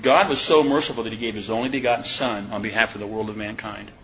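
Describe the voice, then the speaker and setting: A man leads an informal Bible study in a bright, clear voice. He reads scripture slowly and deliberately, then breaks off to question his listeners. The recording is dull and lo-fi, with a faint hiss underneath. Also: lowish voice, steady tone. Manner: conversational, asks the listeners questions. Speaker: preacher.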